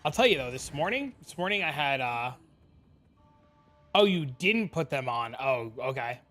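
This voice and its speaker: A man's voice: medium pitch, big pitch swings, moderate pace, a bit bright, soft background music. A man streaming a game from a home room with a green screen, talking casually and rambling, swearing freely as he answers chat.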